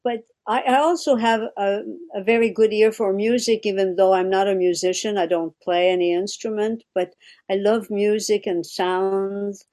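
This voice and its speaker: With a steady, darkish tone and a mid-range voice at normal speed, this guest is a Quebec woman who grew up speaking French. In casual conversation she comes across as thoughtful and searching, pausing to find words and restarting often.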